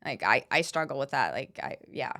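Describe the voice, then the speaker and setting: A woman's voice: very deep voice, sing-song, fairly quick, sharp tone. A woman guest on a podcast, talking candidly and bluntly, swearing freely and stressing her points. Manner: frank, swears freely, emphatic. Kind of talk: candid conversational talk.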